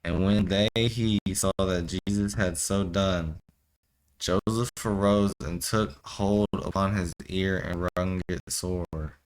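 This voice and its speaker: A man's voice: sits low, steady tone, low-quality recording. A young man reading an old scripture aloud, stumbling over the archaic wording and breaking off into loose, profane slang commentary. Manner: reads archaic text haltingly, then riffs in loose profane slang.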